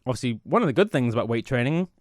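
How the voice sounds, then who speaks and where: A man's voice: mid-range voice, sing-song, racing, dry recording, clean studio sound. A young man, co-hosting a podcast as a rambling, self-mocking storyteller. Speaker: podcast co-host. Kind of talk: casual chat. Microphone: studio mic.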